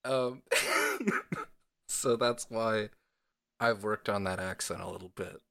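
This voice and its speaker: A man's voice: on the low side, huge pitch swings, slow pace, vocal fry, pushed and bright. A man co-hosting a podcast in casual chat, playful and rambling, with a lot of "like" and filler words. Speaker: podcast co-host.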